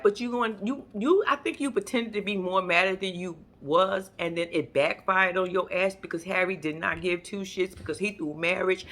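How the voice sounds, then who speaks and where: Woman, reality recap vlogger; animated, profane, laughs a lot. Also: medium pitch. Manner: animated, profane, acts out quotes, laughs often. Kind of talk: casual reality show recap.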